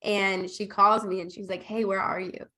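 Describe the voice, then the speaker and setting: A bubbly woman guest on an interview podcast, telling a story with lively energy. She acts out the dialogue as she goes and keeps a casual, conversational flow. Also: medium pitch, moderate pace. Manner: bubbly, animated retelling with acted quotes. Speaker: podcast guest, operations consultant.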